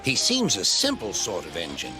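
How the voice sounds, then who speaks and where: A man's voice: deep voice, huge pitch swings, moderate pace. A man doing a scheming engine from a children's storybook show, mocking and sly. His voice rises and falls widely. Music plays behind. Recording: background music.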